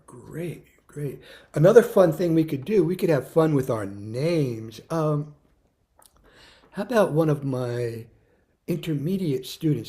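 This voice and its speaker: A man teaching a music lesson to young children, counting beats loudly and then dropping to soft prompts, repeating words patiently. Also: mid-range voice, expressive, a little slow.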